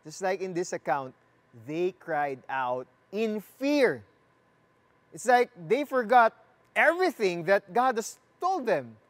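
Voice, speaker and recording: A preacher delivers a sermon at an unhurried, measured pace. The voice sits at a middle pitch, and the delivery leans on repeated phrases. Questions are put straight to the listeners, with a light, joking touch. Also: sing-song. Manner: asks the listeners questions and jokes with them. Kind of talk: sermon with scripture reading.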